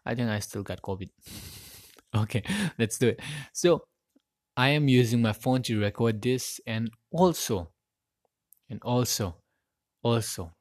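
Using a USB mic attached to his phone, a man hosts a solo podcast with clean studio sound and no echo. His medium-pitched voice rambles, repeating words as he searches for them.

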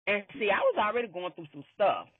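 A man's voice: high-pitched, sing-song, quick pace, husky, no room sound. A man telling a workplace story in casual chat, emphatic and swearing freely, often repeating his phrases. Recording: tinny phone-like line.

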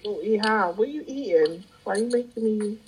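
A woman's voice: mid-range voice, expressive, brisk, a little mellow, slightly rough, rough recording. A woman hosting a late-night livestream in casual chat, playful and rambling, often laughing. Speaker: livestream host.

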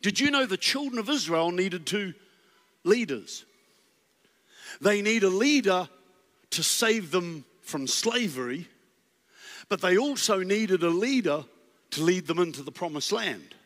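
A man preaching as a guest, animated and full of rhetorical questions and stammered restarts, in a church. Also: high voice, unhurried, long pauses. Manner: animated, storytelling with acted voices. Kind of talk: sermon. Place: church sanctuary. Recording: long reverb in a large hall.

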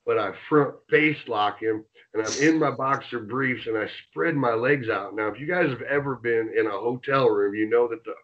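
A man telling a rowdy road story in a casual interview, animated and swearing as he acts out the quotes. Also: mid-range voice, normal speed, few pauses, dull audio. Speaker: interview guest, former wrestler.

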